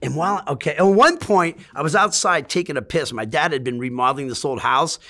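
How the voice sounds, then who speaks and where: Fast-talking man telling a wild story. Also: on the high side. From Great Lakes region of the US. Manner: rambling, profane, animated storytelling. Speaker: interviewee. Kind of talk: casual storytelling in an interview.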